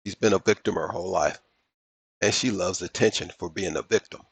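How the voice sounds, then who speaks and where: A man hosts a reaction commentary, mocking and blunt, with plenty of slang. His voice is husky and a bit low. The sound is dry and close, with no room around it. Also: a little fast, no room sound. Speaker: commentary host.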